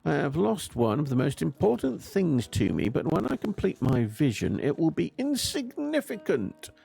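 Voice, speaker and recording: A tormented, obsessed diarist pours out his visions in a theatrical, gravelly voice, as a man reads him out. His delivery leaps and swoops wildly with a dark, mellow tone. Faint music plays behind. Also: on the high side, wildly swooping pitch, normal speed, exaggerated voice. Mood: anguished. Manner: theatrical, swooping dramatic reading.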